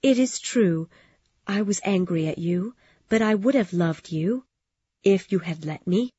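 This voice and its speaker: A woman voicing a gentle, forgiving young woman, in a dull, dry lo-fi recording. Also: medium pitch, animated, a little slow, breathy edge, dry recording. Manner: gentle, soft.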